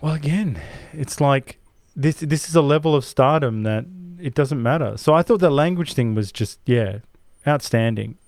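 A man's voice: medium pitch, normal speed, darkish tone, no room sound, studio quality. Enthusiastic, swearing male podcast host. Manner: enthusiastic, swears, rambling asides. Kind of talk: casual film chat.

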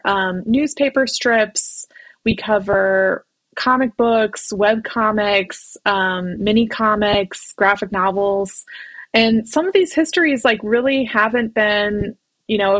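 Relaxed woman explaining as a podcast guest. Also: mid-range voice, measured pace. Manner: relaxed, with frequent "um" and "like" while explaining. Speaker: guest, writer and comics scholar. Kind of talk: casual interview talk.

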